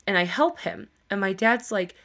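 A woman's voice: mid-range voice, animated, moderate pace, a bit bright. A woman co-hosting a podcast, telling a story in casual chat, swearing freely and laughing as she goes. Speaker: podcast co-host.

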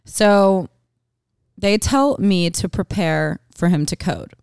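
Low-voiced chatty woman podcaster. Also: slow pace, a little mellow, clear, resonant tone, no room sound, clean studio sound. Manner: chatty storyteller, many "like"s. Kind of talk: casual podcast chat.

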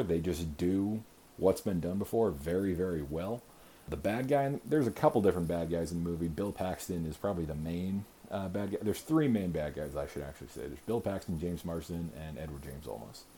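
A man in his thirties hosts a podcast and talks through a movie review off the cuff. His voice sits low and dark, and he fills his sentences with "uh" and restarts. A faint hiss runs under the recording. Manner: rambling, frequent "uh" fillers and self-repeats. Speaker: podcast host. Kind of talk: casual movie review monologue.

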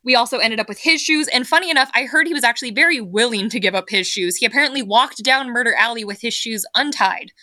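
A woman telling lively stories in casual chat, acting out quotes and laughing. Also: fairly high pitch, quick pace, few pauses, no room sound. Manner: animated, acts out quotes with laughter. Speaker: guest.

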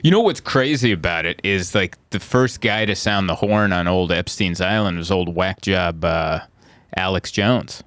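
A man's voice: low-pitched, normal speed, fairly bright tone, no room sound. A man, a comedian hosting a podcast, riffing and joking in casual chat and laughing often.

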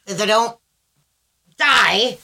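Animated Southern mom podcaster, bright voice. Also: female voice, fairly high pitch, very slow, gravelly, rough recording. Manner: animated storyteller, swears, acts out quotes. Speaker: podcast co-host. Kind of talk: casual chat.

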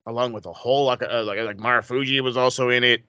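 A man asking wrestling trivia in a casual podcast chat, excitable and profane with rambling asides. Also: medium pitch, fast talker, smooth, no room sound, dull audio. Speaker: trivia quizmaster.

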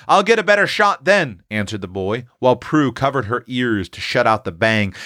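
A man reading a classic short story aloud, giving the characters' excited lines a raised, animated voice. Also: on the low side, dry recording, clean studio sound. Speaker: audiobook narrator.

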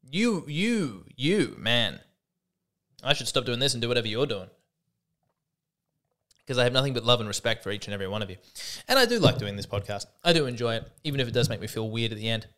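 A man's voice: medium pitch, very animated, brisk, pushed and bright. A man hosting his own podcast alone, talking casually with a self-deprecating, rambling manner and many fillers. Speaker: podcast host. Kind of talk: casual solo podcast monologue.

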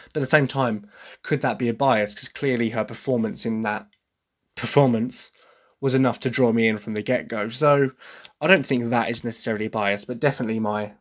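A man from Essex with a faint Essex accent, hosting a solo podcast and thinking aloud as he weighs his own views. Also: medium pitch. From Essex, England. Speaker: podcast host. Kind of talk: solo podcast review monologue.

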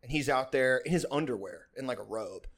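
Brisk and animated, the young podcast host spins a lengthy, meandering tale in a medium, slightly bright voice. He swears freely, leans on "like," and laughs throughout this casual storytelling chat.

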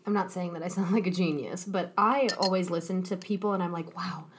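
Woman podcast co-host, lower voice, bubbly and affirming, light background noise. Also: fast talker. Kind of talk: casual chat.

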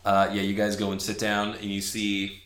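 Rambling low-voiced male game master. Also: completely flat delivery, moderate pace, a bit bright. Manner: rambling, many fillers, jumps into high voices for characters. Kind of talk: narrating a tabletop game. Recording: echoey room.

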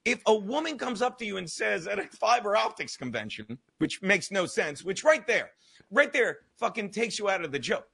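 A man ranting about a joke on a casual comedy podcast, loud and profane, talking over the others. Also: high voice, sing-song, moderate pace, vocal fry, husky.

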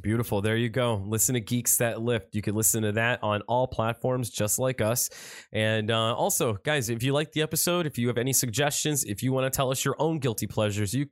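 A man's voice: mid-range voice, brisk, dry recording, clean studio sound. A man co-hosting a podcast in loose, joking casual chat, swearing now and then. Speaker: podcast co-host. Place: Buffalo, New York.

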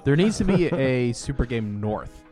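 Lively, joking male co-host. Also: medium pitch, moderate pace, music in the background. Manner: joking, teasing. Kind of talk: casual banter.

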